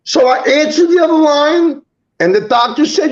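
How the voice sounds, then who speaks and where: A man on a talk show, retelling a painful family story in a rapid, halting way, restarting lines and acting out what each person said. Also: very high-pitched, animated. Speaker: guest telling a personal story. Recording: dull lo-fi show audio.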